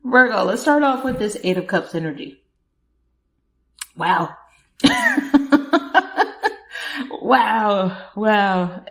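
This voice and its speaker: A woman hosts a podcast and reads tarot cards in a casual, chatty way, speaking straight to the listener and laughing often. Her voice sits at a middle pitch. The recording has a noticeably echoey room sound. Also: extremely slow, gravelly, pauses often, fairly bright tone. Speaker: podcast host, tarot reader.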